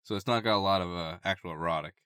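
A man's voice: deep voice, very fast, sharp tone, smooth, dry recording, clean studio sound. A man co-hosting a comedy podcast, reading erotica aloud and breaking into giggles. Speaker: podcast co-host.

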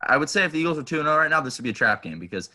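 A man's voice: a little high, sing-song, rapid-fire, pushed and bright. A young man co-hosting a sports podcast, giving his picks in a casual, hesitant way with many restarts. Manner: hesitant, restarts, offhand opinions. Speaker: podcast co-host.

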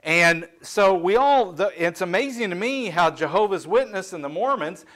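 Candid, high-voiced preacher man. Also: moderate pace. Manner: candid, self-deprecating, conversational preaching with lively swings in pitch and volume. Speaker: pastor. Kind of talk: sermon.

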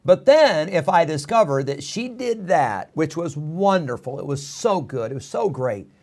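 A man's voice: on the high side, sing-song, measured pace, darkish tone. A pastor in his thirties preaching a sermon in an earnest, emphatic way, repeating key phrases.

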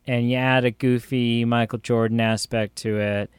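A man's voice: medium pitch, little pitch movement, moderate pace, smooth, dry recording, clean studio sound. A man co-hosting a podcast in casual chat, jokey and rambling, often trailing off and restarting. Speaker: podcast co-host. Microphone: phone that cuts out.

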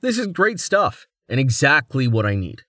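A man playing a hurried young captain, blunt and businesslike, in a mid-pitched voice. The delivery is dry and close-miked, with no room around it. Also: sing-song, fairly bright tone, no echo. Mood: brisk. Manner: brisk, casual, businesslike.

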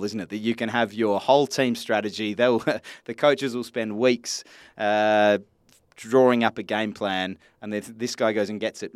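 A man's voice: medium pitch, no echo, clean studio sound. A man, co-hosting a casual sports podcast, talking in a blunt, chatty way and swearing freely. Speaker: podcast co-host.

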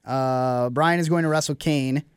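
A young man co-hosting a casual chat, full of quick joking banter. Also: mid-range voice, steady tone, smooth, no echo, clean studio sound. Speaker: podcast co-host.

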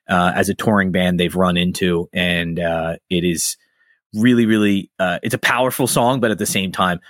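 A very deep-voiced man co-hosting a podcast gives enthusiastic music commentary, pausing with fillers as he searches for words. The recording is dry and close. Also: fairly bright tone, no room sound. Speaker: podcast co-host.

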